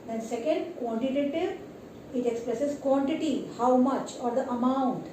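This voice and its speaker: A woman teacher, explaining grammar slowly and often checking in with "right?". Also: sits high, mellow, a little hiss or hum. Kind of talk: classroom grammar lesson. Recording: echoey room, mic at a distance.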